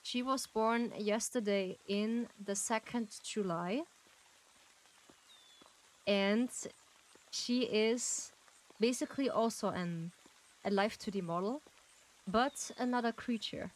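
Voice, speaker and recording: During a gaming live stream, a woman talks casually in a fairly high voice, slowly and with long pauses. She giggles frequently and gushes her thanks to her chat. The recording is low quality.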